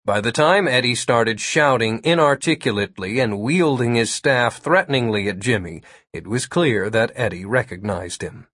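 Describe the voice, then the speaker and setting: A man reading an audiobook as narrator, with a steady storytelling delivery. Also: medium pitch, moderate pace, no room sound, studio quality. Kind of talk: scripted narration.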